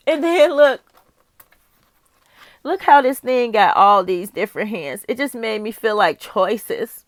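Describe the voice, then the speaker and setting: A woman's voice: a little high, lively intonation, takes it slowly, dry recording. Candid, swearing woman reading tarot. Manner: candid and profane, with frequent laughs; musing aloud, talking straight to the viewer. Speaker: tarot reader.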